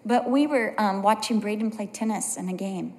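A woman's voice: mid-range voice, moderate pace, a little mellow, big-room sound. A middle-aged woman preaching a sermon, telling stories with earnest conviction. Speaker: pastor's wife preaching.

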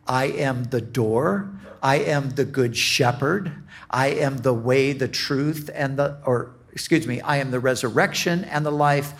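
A man preaching a sermon as a pastor, teaching in a slow, deliberate way and often restarting his phrases. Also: medium pitch.

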